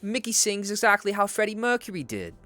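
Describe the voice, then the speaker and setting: A man's voice: high-pitched, big pitch swings, a little fast, pushed and bright, voice pushed up, full character voice. A man voicing a brash young Cockney chav woman in an exaggerated, sing-song put-on accent. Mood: mocking.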